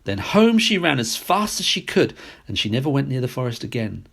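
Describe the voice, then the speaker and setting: A man reading a classic fairy tale aloud as a storyteller, expressive and sing-song. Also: mid-range voice, fairly quick, vocal fry.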